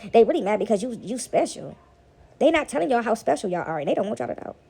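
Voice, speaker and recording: Lounging at home among the laundry, this vlogger talks spirituality with her viewers in a rambling, repetitive way, sometimes mimicking others mockingly. Her voice sits a little high, swings widely in pitch, and moves fast, with vocal fry and a mellow, husky quality.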